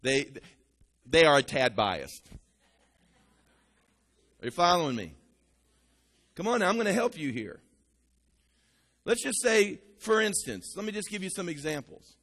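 Higher-voiced man preaching to his congregation. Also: measured pace, long pauses, long reverb tail. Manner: animated, talks straight to the congregation. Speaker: pastor. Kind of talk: sermon.

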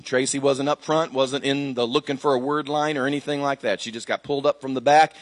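A man's voice: a little high, fairly bright tone, long reverb tail. A middle-aged man, a pastor, telling a personal story in a sermon, conversational with fillers and restarts. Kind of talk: sermon testimony.

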